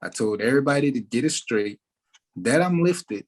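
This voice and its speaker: A man's voice: medium pitch, normal speed, rough recording. Guy in an interview, chill and rambly, lots of "like" and "you know". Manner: relaxed, laid-back, full of fillers like "like" and "you know". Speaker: musician, interview guest. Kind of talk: casual interview talk.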